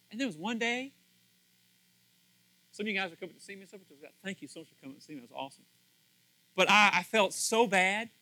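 A male pastor preaching a sermon in an animated, conversational way, often repeating words and acting out what others say. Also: high voice, quick pace, pauses often, no room sound, poor audio.

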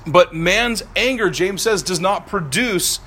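A man in his thirties preaching a sermon as pastor, animated and swinging between soft, slow passages and loud, quick ones. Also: sits high, a little hiss or hum.

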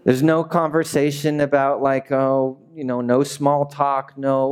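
A man's voice: a little high, expressive, unhurried, darkish tone. A man preaching a sermon in a conversational way that builds to emphatic peaks. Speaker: pastor.

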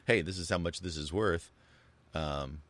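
A man's voice: deep voice, measured pace, fairly bright tone, no room sound. A man co-hosting a casual talk show, rambling and joking, with many restarts and fillers. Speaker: co-host. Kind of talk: casual chat.

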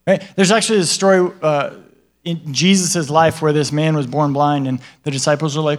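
A man's voice: fairly high pitch, fairly even intonation, brisk. A man preaching a sermon in a conversational way, often checking in with listeners and acting out the people in the stories. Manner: conversational, asks the listeners questions and tags lines with "right?"; acts out what God and other people say in a livelier voice. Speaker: pastor.

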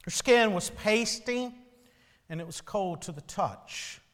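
A male pastor delivering a sermon, telling a story slowly and solemnly. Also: high-pitched, animated, fairly bright tone, in a large hall.

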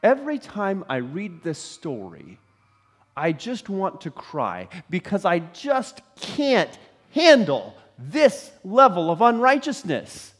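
A man preaching a sermon, telling a story dramatically and swinging from loud to hushed. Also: high-pitched, huge pitch swings, slow pace, husky. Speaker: pastor.

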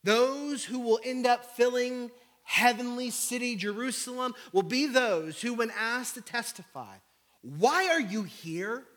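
A male pastor preaching a sermon, building with repeated rhetorical questions and then dropping to a hushed, intimate delivery. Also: very high voice, lively intonation, unhurried.

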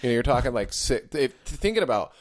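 A man's voice: medium pitch, big pitch swings, fairly quick. A man co-hosting a podcast in casual chat, joking and chatty. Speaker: podcast co-host.

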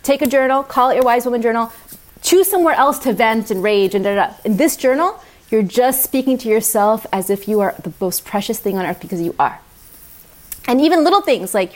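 A woman guest speaker talking warmly and animatedly on a video call, laughing often. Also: fairly high pitch, lively intonation, brisk. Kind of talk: heartfelt talk.

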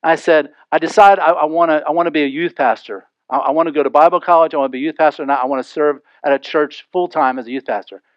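A middle-aged man preaches a sermon with a fairly high, lively voice. He fires off rhetorical questions and slips into quoted voices to make his point. The sound is dry and close. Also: fast talker, few pauses, dry recording, dull audio. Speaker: pastor.

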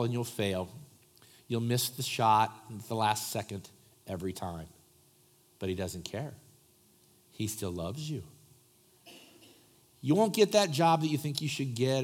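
Male pastor, church sermon, mid-pitched voice, chatty delivery with sudden loud jabs and near-whispered prayer passages. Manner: conversational, swings from loud asides to soft hushed prayer. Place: church sanctuary.

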